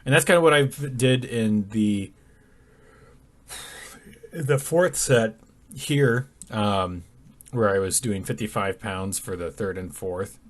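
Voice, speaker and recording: A man's voice: fairly low pitch, slow, long pauses. A young man talking casually over his workout footage, sleepy and yawning, with lots of ums and restarts. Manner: rambling, many ums and restarts. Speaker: fitness vlogger.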